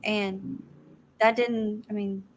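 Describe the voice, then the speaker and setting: A woman's voice: mid-range voice, flat delivery, slow pace, a little hiss or hum. A woman hosting a casual panel livestream over a video call, talking bluntly and emphatically. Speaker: livestream host.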